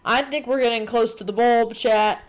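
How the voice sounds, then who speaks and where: A woman's voice: a little high, moderate pace, slight background noise. Brash, profane young-sounding woman streamer. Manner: profane, rambling and excitable. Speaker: livestreamer. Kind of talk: casual livestream chat.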